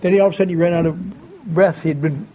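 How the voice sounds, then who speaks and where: A man's voice: a little high, fairly even intonation, racing. An older man telling a wry, folksy story to a convention audience, acting out the dialogue he quotes. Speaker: speaker at a recovery convention. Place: large convention hall. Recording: dull lo-fi tape with faint hiss.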